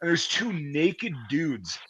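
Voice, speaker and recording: A man's voice: on the high side, drawn-out words, very noisy. A man hosting a stream, telling stories in a casual, profane, rambling way. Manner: profane, rambling, animated storytelling. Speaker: stream host. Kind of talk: casual storytelling chat.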